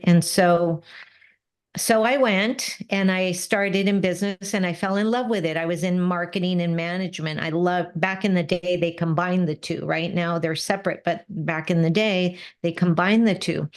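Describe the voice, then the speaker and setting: Lively woman telling a story. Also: lowish voice. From Spanish-speaking family. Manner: lively, animated, acts out quoted exchanges. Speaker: interview guest, business coach. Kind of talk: casual storytelling.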